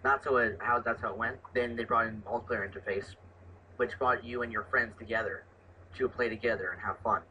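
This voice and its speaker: A man's voice: mid-range voice, steady tone, brisk, sharp tone, low-quality recording. A young man chatting casually about a video game, rambling and restarting his sentences. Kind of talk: casual gaming chat. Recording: faint background noise.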